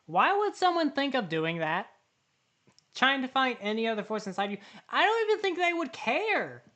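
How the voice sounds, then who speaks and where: A woman's voice: high voice, very animated, normal speed, a bit bright. A woman hosting a reaction video, talking back indignantly to the clip she watches. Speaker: reaction channel host. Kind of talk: casual reaction commentary.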